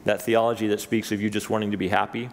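A man, a pastor, preaching a sermon with lively rises when he reads scripture and chatty asides to his listeners. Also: fairly low pitch, fast, long reverb tail, slight background noise. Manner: animated preaching, voice rising for quoted scripture; conversational asides to the congregation. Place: church sanctuary.

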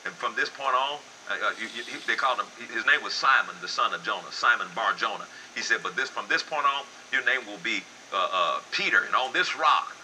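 Older man preaching, bright and animated. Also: brisk, few pauses, slight background noise, low-quality recording. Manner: animated preaching, swinging from low murmurs to loud high exclamations. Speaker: pastor. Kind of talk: sermon.

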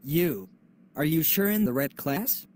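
A man's voice: on the high side, lively intonation, unhurried, darkish tone. A male student voicing a mocking schoolboy bully in a class video, with taunting, cackling delivery.

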